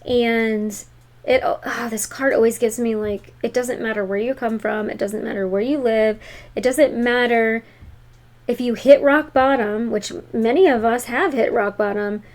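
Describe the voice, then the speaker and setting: A woman's voice: a little high, steady tone, moderate pace, darkish tone. A woman giving a tarot reading to viewers in an emphatic, encouraging way. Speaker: tarot reader.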